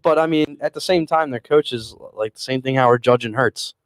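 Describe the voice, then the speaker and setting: A man co-hosts a casual sports podcast, ranting with exasperation. His voice sits at a middle pitch. The room sounds dry and close. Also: normal speed, no echo. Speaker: podcast co-host.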